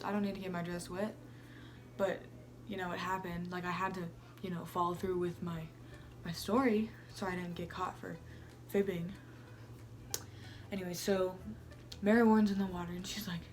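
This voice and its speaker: A woman's voice: mid-range voice, lightly acted. A self-centered young Salem woman , as acted by a woman, chatters to her camera like a teen vlogger. She rambles with constant "like" and gasps of "oh my gosh". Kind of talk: amateur vlog-style role-play.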